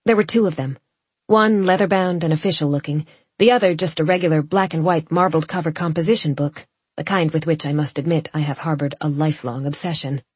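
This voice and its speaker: A woman narrates a first-person audiobook in a measured, reflective way. Her voice sits low and carries a breathy, husky grain. The sound is close and dry, with no room in it. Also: steady tone, a little mellow, no room sound.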